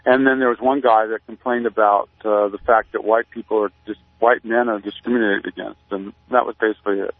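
A man calling in to a radio show, talking in a halting, rambling way with deadpan satire. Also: lowish voice, no room sound. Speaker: caller, community activist. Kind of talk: casual radio interview over the phone. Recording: tinny phone line.

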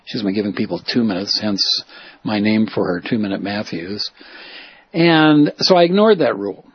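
Male reporter-activist, rambling monologue, husky, dull lo-fi audio. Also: on the low side, expressive, normal speed. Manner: rambling, digressive, self-correcting. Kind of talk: casual spoken monologue.

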